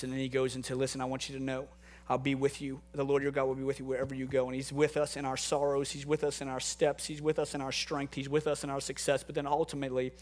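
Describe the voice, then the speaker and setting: A man preaching a sermon to a congregation in a church room, impassioned, repeating phrases for emphasis. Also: on the high side. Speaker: pastor.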